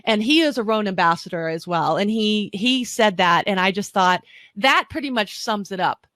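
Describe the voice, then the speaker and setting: A woman's voice: medium pitch, expressive, moderate pace, fairly bright tone, no echo. A woman speaking as a wine expert guest on a podcast, chatty and enthusiastic with frequent restarts. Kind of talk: conversational podcast explanation.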